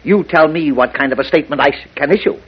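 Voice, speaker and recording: A man's voice: on the high side, fast, husky. An actor playing a flustered, blustering middle-aged male mayor in a 1940s radio drama, on a muffled old broadcast. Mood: exasperated. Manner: blustering, exasperated.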